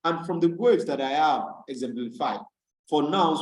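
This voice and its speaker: A man from Nigeria tutoring students over a video call, explaining rules step by step and repeating key words slowly to drill them. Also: fairly high pitch. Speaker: English tutor. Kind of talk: online tutorial lesson. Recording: echoey room on a video call.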